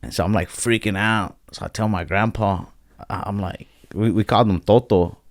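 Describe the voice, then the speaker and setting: A man with a deep voice hosting a podcast, telling rambling stories in casual chat and acting out other people's voices along the way. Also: fairly even intonation, moderate pace, dry recording, clean studio sound. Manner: rambling storyteller, acts out voices in anecdotes. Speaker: podcast host.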